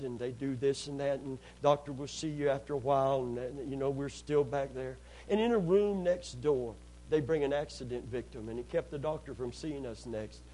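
Earnest preacher man, mellow voice. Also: mid-range voice, a little hiss or hum, rough recording. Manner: earnest, repeats phrases, calls out amen to the congregation. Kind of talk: sermon storytelling.

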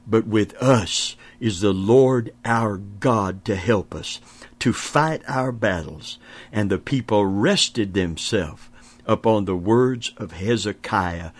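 Slow, low-voiced male preacher. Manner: slow, deliberate preaching with repeated hallelujahs; emphatic repetition. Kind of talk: sermon.

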